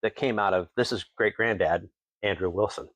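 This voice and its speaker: Here's a Washington State distiller from Tenino, talking at a normal pace in a lowish voice on a dry recording. He's a guest in an easygoing interview, full of folksy anecdotes, and he's a lively teller who chuckles between lines and mimics what others said.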